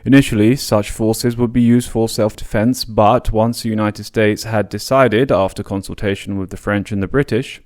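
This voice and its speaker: A man's voice: on the low side, steady tone, moderate pace, hardly any pauses, a little mellow. A man hosting a podcast, reading and paraphrasing a history book aloud, with casual asides and the odd stumble over a word. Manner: reads long quotes with casual spoken asides; occasional stumbles and restarts on words. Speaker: podcast host.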